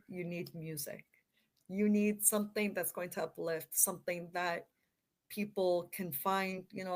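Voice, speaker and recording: Chatty woman guest telling stories. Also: lowish voice. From Canada. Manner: chatty storyteller, self-deprecating, laughs easily. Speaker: podcast guest, model. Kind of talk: casual chat.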